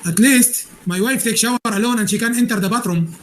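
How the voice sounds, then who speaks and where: A man's voice: extremely high pitch, fairly quick. A man complaining in broken, English.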